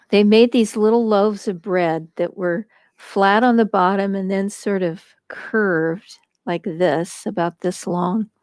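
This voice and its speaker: An American woman tells a personal story at an easy, unhurried pace, reflective and gently amused. Her voice sits mid-range, and the sound is close and dry, with no room around it. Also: medium pitch, no echo. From United States. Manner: slow and reflective, with light laughter. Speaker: storyteller at a kirtan gathering.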